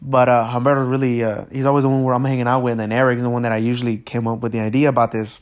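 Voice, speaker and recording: Man, podcast host, casual solo talk, hesitant, many ums and restarts, mid pitch. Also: little pitch movement, rapid-fire. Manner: friendly, talks straight to listeners.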